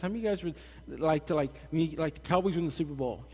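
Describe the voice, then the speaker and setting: A young man with a drawl preaches in a loose, lively way, breaking off for jokey asides and acting out the voices he quotes. His voice sits a little on the high side. A long reverb trails behind him from the hall. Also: rapid-fire, husky. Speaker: pastor. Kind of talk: casual sermon.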